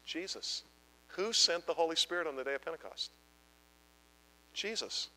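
A man's voice: on the high side, animated, moderate pace, pushed and bright, in a large hall, poor audio. A man preaching a Bible-teaching sermon, emphatic and asking the congregation repeated questions.

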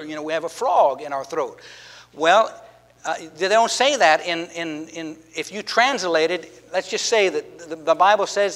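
A man's voice: fairly high pitch, animated, a little slow, a bit bright. A man preaching a sermon as a pastor. He teaches earnestly, repeats his words and asks the congregation questions. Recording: long hall reverb.

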